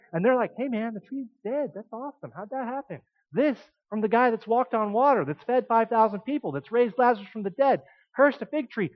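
A man preaching a sermon in an animated, conversational way, with emphatic asides. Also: extremely high pitch, highs cut off.

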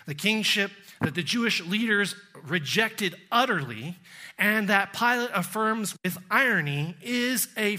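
A pastor preaching an expository sermon, emphatic, sinking to hushed tones for weight and putting questions straight to the listeners. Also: male voice, sits high. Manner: asks the listeners direct questions.

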